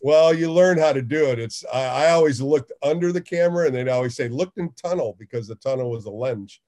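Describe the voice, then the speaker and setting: A middle-aged man, a baseball radio host, telling stories in a casual interview and acting out quotes in a higher voice. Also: fairly quick. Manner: animated, acts out quotes in a higher voice.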